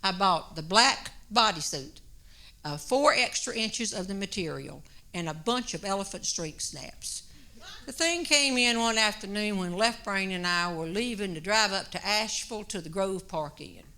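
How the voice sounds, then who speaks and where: A woman, a humorist telling a long comic story on stage, drawing out her words with animated timing. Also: mid-range voice. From North Carolina. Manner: drawn-out, animated delivery with comic pauses. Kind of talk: stand-up storytelling. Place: stage before a live audience.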